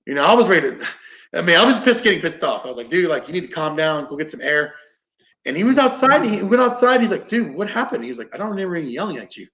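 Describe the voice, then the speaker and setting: A man's voice: on the high side, sing-song, quick pace, fairly bright tone. A man casually telling a paranormal investigation story, rambling, swearing freely and acting out what people said. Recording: roomy, dull lo-fi podcast audio.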